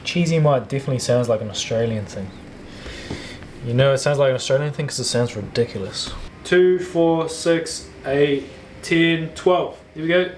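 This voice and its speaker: A man's voice: a little high, moderate pace, a little mellow, slight background noise. A man talking casually through a home baking video, loose and chatty with slangy asides. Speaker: home cook. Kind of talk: casual cooking vlog.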